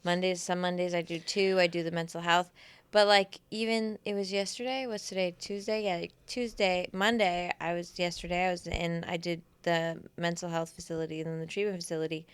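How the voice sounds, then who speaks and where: A woman's voice: lowish voice, fairly even intonation, brisk, clean tone, no echo. A woman co-hosting a casual podcast chat, speaking emphatically and repeating her points, swearing freely and sounding tired. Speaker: podcast co-host and healing-session facilitator.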